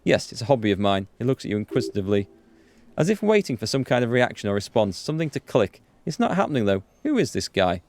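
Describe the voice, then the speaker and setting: A man hosting a let's play, reading the game's dialogue aloud with quick asides to viewers. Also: dry recording. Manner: reads dialogue aloud with quick asides, jumps in pitch when excited. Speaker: gaming channel host.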